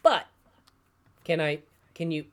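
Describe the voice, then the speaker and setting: A man's voice: a little high, takes it slowly. A man from New York co-hosting a podcast, chatting casually and arguing his point with emphatic repetition. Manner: animated, argumentative, repeats words for emphasis. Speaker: podcast co-host. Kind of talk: casual chat.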